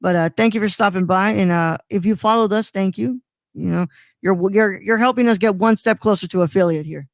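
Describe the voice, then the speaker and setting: A man's voice: high-pitched, brisk, vocal fry, no room sound. Man, twenties, from Mexico, live-stream host, rambling, filler-heavy, dry close sound. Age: 20s. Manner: rambling, filler-heavy, stumbles over names. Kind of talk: casual live-stream chat.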